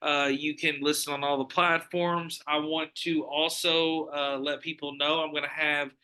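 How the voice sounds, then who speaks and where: A man's voice: on the high side, little pitch movement, moderate pace, sharp tone, clear, resonant tone, rough recording. A man hosting his podcast in casual chat, loose and upbeat, with many fillers as he wraps up. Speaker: podcast host.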